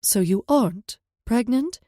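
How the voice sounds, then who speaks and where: A woman voicing a loving middle-aged mother who speaks softly and reassuringly. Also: on the high side, animated, measured pace, no echo, clean studio sound. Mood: gentle, caring. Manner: soft, reassuring.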